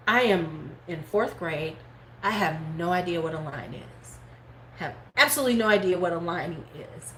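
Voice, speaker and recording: A middle-aged woman hosting a live stream, casually telling a story in animated fashion, swearing freely and acting out her relatives' words. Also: lowish voice, normal speed. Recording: roomy echo, faint background noise.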